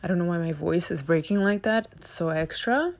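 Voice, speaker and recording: A woman hosts her own podcast in a loose, chatty monologue, talking to her listeners in an animated, emphatic way with plenty of slang. Her voice sits a little low, with a gravelly fry running through it. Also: brisk. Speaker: podcast host. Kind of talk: casual solo monologue.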